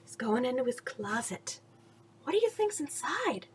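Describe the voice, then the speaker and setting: A woman's voice: high voice, normal speed, slight background noise. A woman reading a children's picture book aloud at bedtime, with chatty asides about the pictures and frequent laughs. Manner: lively, laughs often, points out pictures.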